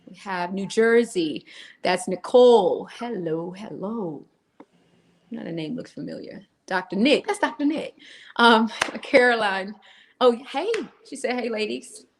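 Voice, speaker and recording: A woman's voice: mid-range voice, animated, measured pace, slight background noise. A woman co-hosting a live stream, chatty and laughing as she greets viewers by name. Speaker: co-host. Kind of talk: live-stream chat, reading out viewer names.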